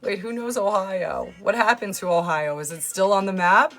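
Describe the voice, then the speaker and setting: A woman hosts a casual livestream, reading her chat aloud and teasing viewers with loud, sarcastic humor. Her voice sits at an ordinary middle pitch for a woman, and faint music plays underneath. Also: moderate pace. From New York. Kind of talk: casual live-stream chat, reading comments.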